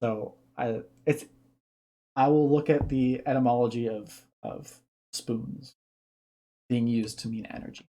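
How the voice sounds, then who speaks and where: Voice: mid-range voice, a little slow, pauses often, dark tone. A streamer giving casual reaction commentary, thinking aloud and explaining ideas at length.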